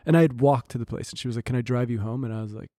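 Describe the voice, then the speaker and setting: A man's voice: medium pitch, steady tone, very fast, warm tone, no echo, studio quality. A man chatting casually, telling a dating story with lots of quoted dialogue and laughs. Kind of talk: casual podcast chat.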